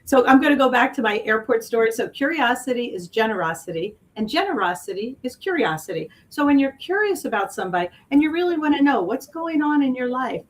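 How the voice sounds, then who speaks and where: A middle-aged woman, a guest on an interview, telling stories in an animated way and acting out the dialogue. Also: sits high, a little fast, few pauses, low-quality recording. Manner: animated storyteller who acts out dialogue and laughs often. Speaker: guest, speaker and improv actor. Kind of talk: casual interview storytelling.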